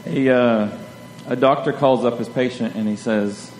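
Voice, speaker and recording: A man's voice: medium pitch, unhurried, darkish tone, roomy sound, a little hiss or hum, poor audio. A male campus minister telling jokes from the stage in a playful, self-deprecating way.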